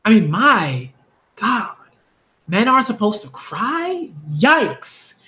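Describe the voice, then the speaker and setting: A man giving a ranting commentary vlog on manga, animated and exasperated, repeating phrases for emphasis. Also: sits high, slow.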